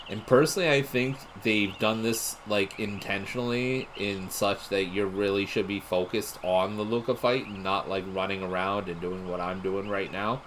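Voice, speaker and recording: A man's voice: lowish voice, fairly bright tone, slight background noise. A man casually thinking aloud while commenting on a game he is playing. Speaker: let's play host. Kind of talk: gameplay commentary. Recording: game music playing under the voice.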